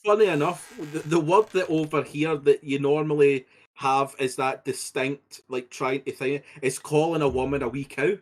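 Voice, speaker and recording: A Scottish man talking loosely as a podcast co-host, his voice sitting a little high for a man. He swears often, trips over restarts and laughs at his own jokes. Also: fairly even intonation, normal speed. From Scotland. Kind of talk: casual chat.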